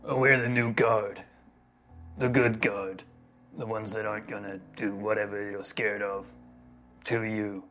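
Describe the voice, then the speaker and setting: A woman player at a tabletop game speaks casually and playfully as her character. Her voice is strikingly deep for a woman. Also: flat delivery, a little slow, long pauses, fairly bright tone, soft background music. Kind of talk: casual tabletop role-play.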